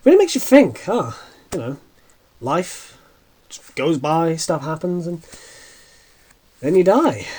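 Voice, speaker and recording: A man voicing a bitter, washed-up horse celebrity in a dark cartoon comedy, sardonic and rambling, tripping over stammered asides. His voice sits a little high for a man and swings widely in pitch. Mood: sardonic, hollow. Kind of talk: comedic dramatic monologue.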